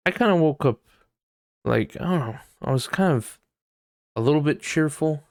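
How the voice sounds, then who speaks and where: A man hosting a casual solo podcast, rambling and swearing, now and then mocking people in high put-on voices. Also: lively intonation, moderate pace, no room sound, studio quality. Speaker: podcast host. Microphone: desk mic on voice chat.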